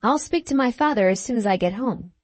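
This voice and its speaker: A woman's voice: a little high, animated, a little fast, no room sound, natural voice. A woman reading as a cordial, frank young man. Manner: warm, frank and eager. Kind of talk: audiobook character reading.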